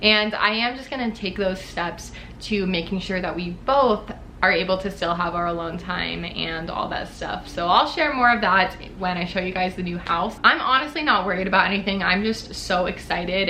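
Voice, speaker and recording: A woman's voice: lowish voice, bright, forceful tone, a little hiss or hum. A young woman in her twenties talking casually to her viewers in a Q&A vlog, chatty and full of "like" fillers. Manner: chatty, many "like" fillers, frequent laughs. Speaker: YouTuber. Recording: echoey room with faint ambience.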